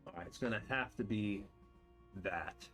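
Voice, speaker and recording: A man's voice: fairly low pitch, normal speed, a bit bright, faint music behind. A man streaming live, chatting playfully to himself and to viewers as he builds game terrain, boasting in fun. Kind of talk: casual live-stream chat while building. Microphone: desk mic with headphones.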